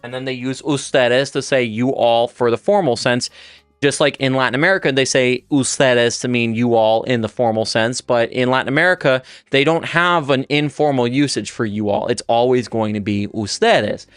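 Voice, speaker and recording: A man's voice: mid-range voice, moderate pace, smooth, no echo. A man teaching a casual live-streamed Spanish lesson, thinking aloud with fillers and restarts while he writes out conjugations.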